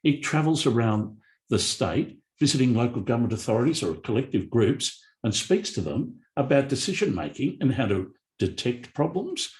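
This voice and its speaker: Blunt, animated Australian man. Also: medium pitch, moderate pace. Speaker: panel guest. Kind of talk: live panel discussion. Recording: echoey event room.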